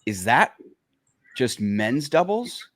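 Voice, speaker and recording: A man hosting a podcast interview, asking questions in a halting way with many fillers and restarts. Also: mid-range voice, sing-song, dry recording, clean studio sound. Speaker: podcast host.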